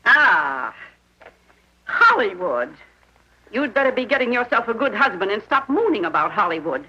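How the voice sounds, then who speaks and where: An actress playing a disapproving middle-aged aunt who scolds and complains, in a 1930s film. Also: female voice, medium pitch, sing-song, normal speed, sharp tone, slight background noise. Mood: scolding. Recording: muffled 1930s film soundtrack.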